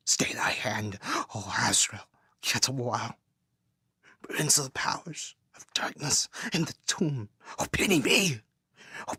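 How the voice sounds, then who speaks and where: A man playing a faint, ailing young nobleman in a stage play, pleading in a slow, breathy half-whisper. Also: medium pitch, pushed and bright, no echo, studio quality, exaggerated voice.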